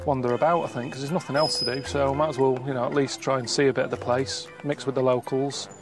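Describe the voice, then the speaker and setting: A man giving bemused, deadpan commentary while he travels. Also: mid-range voice, quick pace. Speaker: travel show presenter. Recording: music under the voice.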